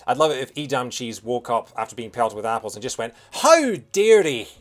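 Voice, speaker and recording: A man giving casual gameplay commentary as a let's play host, excitable and chatty, humming tunes and cracking jokey asides. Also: medium pitch, brisk, faint music behind.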